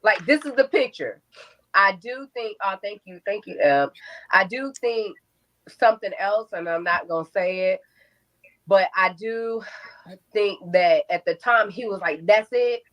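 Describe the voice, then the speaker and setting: A young adult woman telling her own story in an interview, animated, acting out quotes and swearing freely. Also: medium pitch, a little slow, rough recording.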